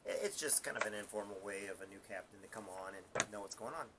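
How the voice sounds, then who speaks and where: A man's voice: lowish voice, fast talker, very noisy. A man who is a former Marine sergeant, telling a rambling story on a live stream with repeated words and laughter.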